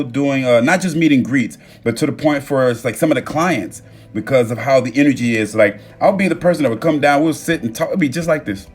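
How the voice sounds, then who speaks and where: A man hosting a casual live stream from home on his phone, reading comments aloud and talking warmly about love and manifesting, with excited bursts and stumbling restarts. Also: on the high side. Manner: warm, affirming, talks about love and manifesting. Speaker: TikTok live host. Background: soft music playing.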